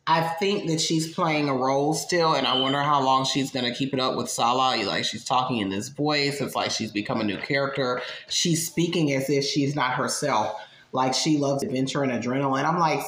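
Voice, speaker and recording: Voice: mid-range voice, a bit bright, reverberant, a little hiss or hum. Blunt, sassy reaction host. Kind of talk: casual commentary.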